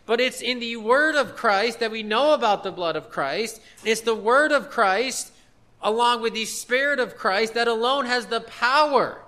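Male pastor, high bright voice, earnest sermon delivery with emphatic repetition. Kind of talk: expository sermon.

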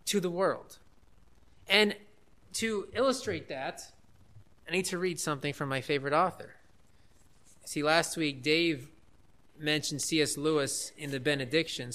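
A pastor preaching with an earnest, emphatic delivery, stretching out the words he wants to land. His voice is high for a man and bright and forceful. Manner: emphatic, earnest, with slowed stresses. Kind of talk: sermon.

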